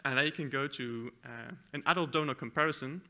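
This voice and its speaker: A man giving a conference presentation, walking through a live software demo with a few fillers and self-corrections. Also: mid-range voice, a little fast. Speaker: conference speaker. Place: conference hall.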